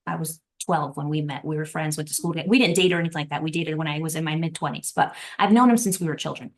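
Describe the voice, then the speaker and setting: Gravelly-voiced earnest woman guest. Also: low-pitched, racing. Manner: earnest, reflective, repeats phrases for emphasis. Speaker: podcast guest. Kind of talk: heartfelt podcast conversation.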